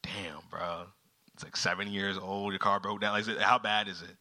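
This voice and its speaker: A man hosting a live comedy show, teasing the audience with loud, profane banter. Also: on the low side, level tone, normal speed. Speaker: host. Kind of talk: live comedy crowd work.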